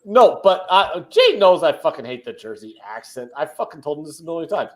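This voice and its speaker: A man's voice: fairly high pitch, sing-song, fairly quick. A man from the American Midwest co-hosting a casual betting podcast, ranting emphatically and swearing often. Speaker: co-host.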